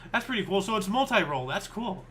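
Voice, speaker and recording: A man's voice: high voice, big pitch swings, fast, fairly bright tone, husky. A man co-hosting a history show, chatting casually and thinking aloud as he reads. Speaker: co-host.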